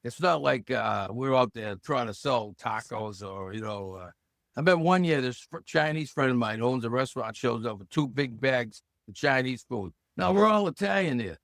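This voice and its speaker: A man around seventy from Massachusetts, a podcast guest who tells lively stories and acts out the voices he quotes. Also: mid-range voice, normal speed, vocal fry, no echo, studio quality. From Hull, Massachusetts. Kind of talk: casual storytelling interview.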